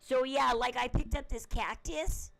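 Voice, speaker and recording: A woman's voice: sits high, a little slow, gravelly, fairly bright tone, rough recording. A woman host rambling casually to her viewers in a chatty, emphatic way. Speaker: channel host.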